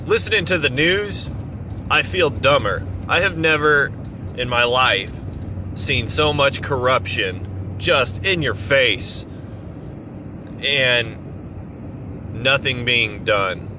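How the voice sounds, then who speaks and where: A man's voice: mid-range voice, noisy background. A man ranting in an exasperated, sarcastic way in an opinion vlog. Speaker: vlogger. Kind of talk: opinion rant to camera.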